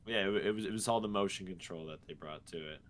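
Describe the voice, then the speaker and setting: A man's voice: sits low, quick pace. A young man chatting casually as a podcast co-host, telling stories with lots of restarts. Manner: animated storyteller, frequent restarts. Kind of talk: casual chat.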